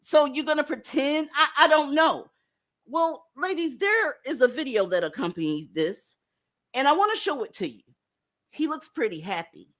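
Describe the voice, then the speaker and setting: A blunt, profane woman talks straight at her viewers in casual commentary. Her voice sits fairly high and swings with emphasis. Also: expressive, moderate pace, fairly bright tone. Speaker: commentary host.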